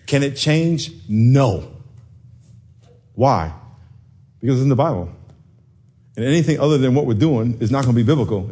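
A man preaching a sermon as pastor, moving from quiet talk up to loud yelling, with laughs between lines. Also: mid-range voice, breathy edge.

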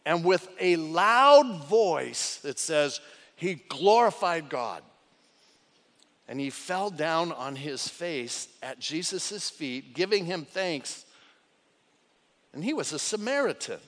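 A male pastor preaching a sermon with dramatic swings between loud cries and hushed lines. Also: a little high, big pitch swings, slow pace. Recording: long hall reverb.

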